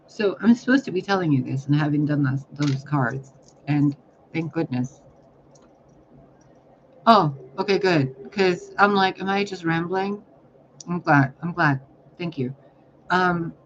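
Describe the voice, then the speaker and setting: A man giving a casual spiritual reading, talking in a rambling, profane, animated way. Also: high voice, a little hiss or hum. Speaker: spiritual reader. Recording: dull lo-fi recording.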